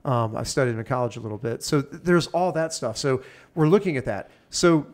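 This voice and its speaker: A man's voice: mid-range voice, expressive, brisk, darkish tone. Enthusiastic rambling man. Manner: enthusiastic, rambling, piles up plans. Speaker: podcast guest. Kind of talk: casual chat.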